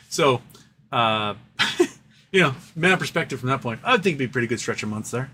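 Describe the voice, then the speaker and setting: A man's voice: medium pitch, expressive, a little fast, sharp tone, slight background noise. A man hosting a casual livestream, reading chat aloud and rambling between topics. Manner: rambling, reads chat aloud, baby-talks to his cat. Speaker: livestream host.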